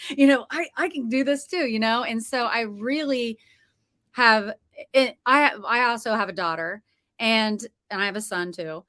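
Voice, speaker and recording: A middle-aged woman hosting a podcast interview, gushing and excitable in casual chat. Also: fairly high pitch, unhurried. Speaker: podcast host.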